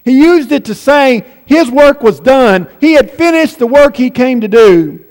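A man preaching a sermon, emphatic and slowing right down on key phrases. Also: very high voice, animated, darkish tone. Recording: long reverb in a big room.

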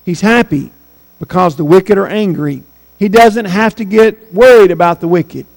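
A man preaching a sermon, rising on his key points and dropping low when he quotes scripture. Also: normal speed, vocal fry, soft background music, low-quality recording.

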